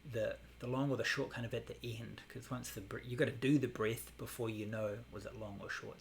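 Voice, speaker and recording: Man, meditation teacher, gravelly voice, relaxed explanatory talk, faint hiss behind. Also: mid-range voice, fairly quick, hardly any pauses. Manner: relaxed, explanatory, many fillers. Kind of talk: Buddhist meditation class talk.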